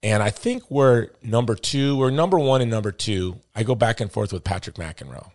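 Man, middle-aged, podcast host, casual storytelling, acts out quotes, lowish pitch. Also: normal speed, no room sound, clean studio sound. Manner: animated, acts out quoted voices, says dude and brother.

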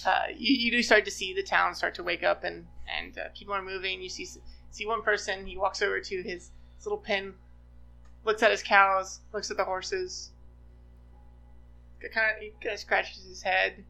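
A woman's voice: medium pitch, steady tone, normal speed, creaky, sharp tone, rough recording. A woman narrating as game master in a tabletop game, casual and rambling with many fillers.

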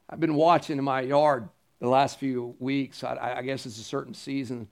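A man's voice: medium pitch, steady tone, normal speed, vocal fry, hardly any pauses, a little mellow. A male pastor preaching a sermon, earnest and emphatic, repeating key phrases and turning to the congregation with casual asides.

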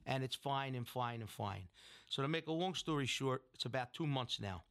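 This middle-aged restaurant owner and food entrepreneur sounds animated, with a medium-pitched, slightly bright voice at a moderate pace. His long interview story rambles, full of restarted sentences and acted-out quotes.

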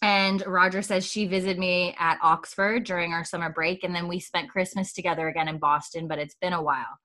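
A woman's voice: on the low side, steady tone, a little fast, bright, forceful tone. A woman from Canada, a podcast co-host recapping a TV episode in casual chat, laughing often and acting out lines. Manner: chatty, laughs often, acts out quoted lines.

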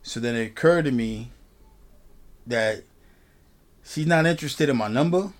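Guy telling a wild story on a podcast, animated, swears a lot. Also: medium pitch, a little slow. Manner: animated storyteller, swears freely, repeats "you know what I mean". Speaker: podcast host. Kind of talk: casual storytelling chat.

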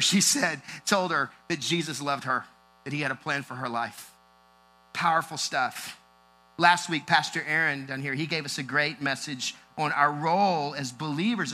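A man preaching a sermon in a church, talking earnestly and building to emphatic, drawn-out stresses. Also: on the high side, bright, forceful tone, low-quality recording. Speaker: pastor.

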